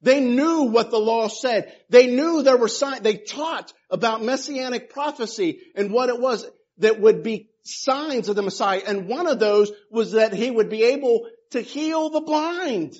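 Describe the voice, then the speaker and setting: A man's voice: very high-pitched, lively intonation, unhurried, few pauses, a little mellow, lo-fi sound. A man preaching a sermon, moving between emphatic declarations and casual conversational asides. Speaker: pastor.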